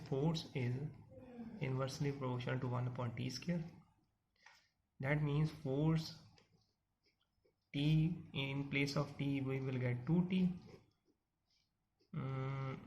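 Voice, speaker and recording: A man's voice: mid-range voice, a little mellow. A man teaching a physics class step by step, repeating points and asking the students questions. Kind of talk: classroom lecture. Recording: dull lo-fi audio with faint hiss.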